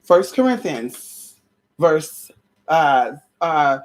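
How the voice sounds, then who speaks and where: A tired, sweaty vlogger preaching a profane, sermon-style rant to viewers, calling them honey and girl, stammering restarts, shouting ow, and reading scripture slowly and dramatically. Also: medium pitch, sing-song. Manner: sassy, calls listeners honey and girl.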